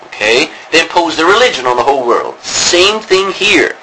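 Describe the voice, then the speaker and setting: A man's voice: on the high side, very animated, normal speed, bright, forceful tone, slight background noise, low-quality recording. A man teaching a class on biblical Greek, rambling with many ums and restarts. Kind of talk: classroom lecture.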